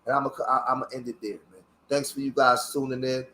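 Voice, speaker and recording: A middle-aged man, a community activist, talks casually on his own livestream, halting and searching for words with many fillers, earnest about his past. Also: medium pitch, level tone, pushed and bright, a little hiss or hum. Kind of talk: casual livestream talk while showing photos.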